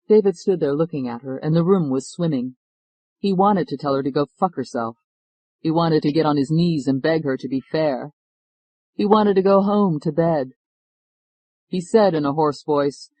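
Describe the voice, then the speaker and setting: A man narrating an audiobook in an even, measured storytelling manner, on a close studio mic. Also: a little high, no echo, poor audio. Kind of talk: scripted narration.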